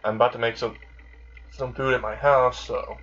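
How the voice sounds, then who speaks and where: A man doing a deadpan lonely teenage boy. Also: mid-range voice, normal speed, highs cut off, close to an everyday voice. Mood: friendly.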